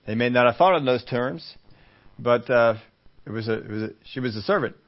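A man's voice: mid-range voice, a little fast, lo-fi sound. A man preaching a Bible-teaching sermon in a conversational style, often putting questions to the congregation. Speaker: pastor.

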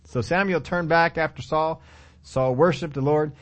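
A man's voice: on the high side, moderate pace. A man preaching a sermon, reading scripture aloud and then commenting on it.

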